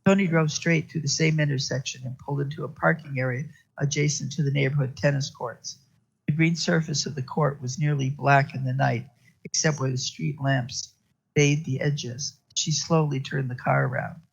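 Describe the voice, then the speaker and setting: A man reading a crime novel aloud at a steady pace, with small restarts now and then. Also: medium pitch, moderate pace, gravelly, slightly rough, highs cut off. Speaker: reader.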